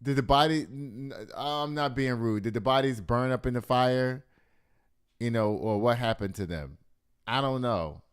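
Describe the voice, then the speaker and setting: A man's voice: medium pitch, normal speed, smooth. A man hosting a casual news and gossip commentary show, talking straight to his viewers as "y'all" and swearing freely.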